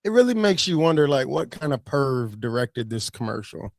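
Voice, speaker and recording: A man's voice: medium pitch, very animated, normal speed, gravelly, no room sound, studio quality. A man, a pastor, giving blunt, preachy commentary on videos.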